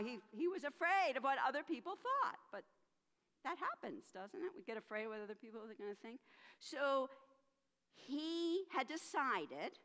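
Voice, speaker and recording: A woman minister telling a Bible story to a church congregation of all ages, expressive and animated, with dramatic gasps. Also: on the high side. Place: church sanctuary. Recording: long reverb of a church sanctuary.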